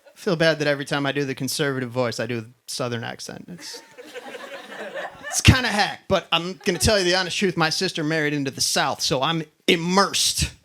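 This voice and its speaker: A man's voice: a little high, a little fast, a bit bright. Male stand-up, casual cursing delivery, light-toned, live venue with faint noise. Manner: profane, conversational, does mock voices of others. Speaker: stand-up comedian. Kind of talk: stand-up set.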